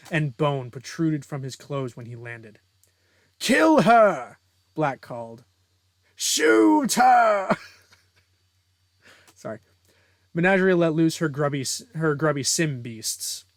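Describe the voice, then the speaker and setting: A man's voice: mid-range voice, dry recording. Casual young man reading his own story. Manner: casual, self-deprecating asides with fillers. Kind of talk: casual story read-through with commentary.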